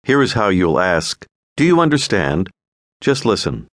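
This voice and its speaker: A man narrating a scripted audio language lesson, giving prompts in a clear, measured way. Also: low-pitched, big pitch swings, fairly bright tone, dry recording, clean studio sound. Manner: clear, measured instructional delivery.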